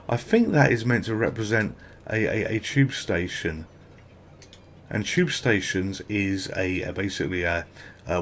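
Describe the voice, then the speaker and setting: A British man giving casual, rambling commentary while playing a video game, with frequent excited exclamations. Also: fairly low pitch, a little hiss or hum. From Britain. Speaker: gameplay commentator.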